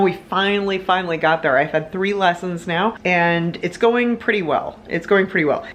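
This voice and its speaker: A young woman with a fairly low-pitched voice speaks casually to her viewers in a home vlog, lying on the floor indoors. Chatty, rambling, and at times frustrated, she's recorded with slight background noise.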